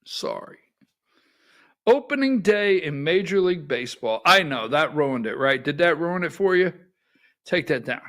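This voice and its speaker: A man's voice: a little high, big pitch swings, moderate pace, a bit bright. A middle-aged man hosting a political talk radio show from a studio, folksy and calling on his producer for clips.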